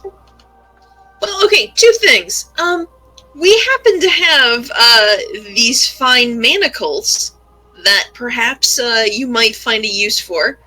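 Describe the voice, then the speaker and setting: A woman player speaking in character, polite and tactful with hesitant pauses. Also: on the high side, expressive, pushed and bright, soft background music. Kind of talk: in-character tabletop role-play.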